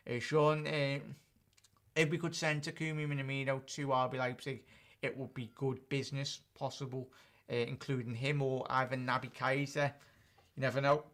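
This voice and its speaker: A man's voice: mid-range voice, little pitch movement, normal speed, a bit bright. A man hosting a live-stream football chat as a fan channel host, chatting and answering viewer comments directly.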